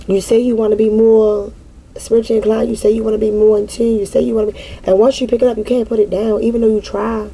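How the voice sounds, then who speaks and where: A woman's voice: fairly high pitch, flat delivery, rapid-fire, mellow, a little hiss or hum, poor audio. A woman in casual spiritual reflection, talking with a repetitive, emphatic, preacher-like cadence. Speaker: mother speaking to an online audience.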